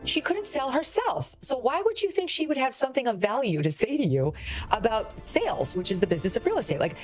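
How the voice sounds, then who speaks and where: A woman's voice: a little high, big pitch swings, a little fast. Blunt, mocking woman with faint music. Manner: blunt, mocking, laughs often. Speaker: guest commentator. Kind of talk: casual chat.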